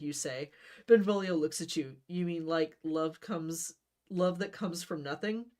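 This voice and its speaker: A woman with a somewhat low voice reads a comic gamebook aloud. She keeps it casual and playful, breaking off for quick asides and stumbling now and then. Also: darkish tone. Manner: playful, laughs at own jokes, slips and restarts. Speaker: book reader.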